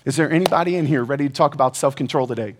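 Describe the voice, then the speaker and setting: A man preaching a sermon to a live audience, energetic and joking, often asking the crowd questions. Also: mid-range voice, racing. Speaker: pastor.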